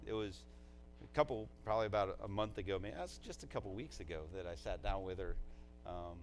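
A man's voice: deep voice, brisk, a little hiss or hum, low-quality recording. A man, a pastor, delivering a eulogy in a conversational, heartfelt way, often dropping in "man" as a filler.

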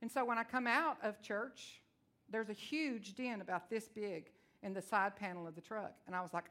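A woman's voice: medium pitch, fast talker, fairly bright tone. A middle-aged woman preaching a sermon to women, telling stories and acting out her own dialogue. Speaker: women's ministry speaker.

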